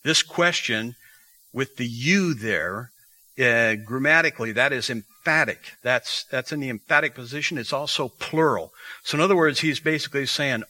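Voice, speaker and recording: Bright-voiced man preaching a sermon. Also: mid-range voice, normal speed, no echo, poor audio. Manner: teaching verse by verse, reading scripture aloud. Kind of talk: expository sermon.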